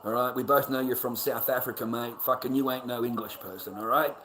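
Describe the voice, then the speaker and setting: A man's voice: medium pitch, fairly even intonation, brisk, bright, forceful tone, slight background noise. Middle aged aussie guy ranting on his stream, sweary, trips over his words, voice sits in the middle range. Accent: Australian. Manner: blunt, profane, rambling with frequent restarts. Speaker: livestreamer. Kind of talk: casual livestream rant.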